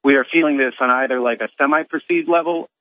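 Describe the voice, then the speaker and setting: A man's voice: mid-range voice, quick pace. Young man, radio caller, hesitant and long-winded, muffled phone sound. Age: young adult. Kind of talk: call-in question. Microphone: telephone. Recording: dull phone line.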